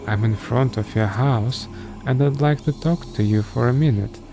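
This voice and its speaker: A man's voice: mid-range voice, natural voice. Obsessive clingy co-worker girl, read by a man. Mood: pleading. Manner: reads text messages slowly and evenly. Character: obsessive young woman co-worker, clingy, pleading. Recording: game music behind the voice. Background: music.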